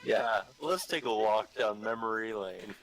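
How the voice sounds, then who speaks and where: A man's voice: on the low side, measured pace, a bit bright, a little hiss or hum, rough recording. Hesitant man at a game table. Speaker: player. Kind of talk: tabletop role-play chat.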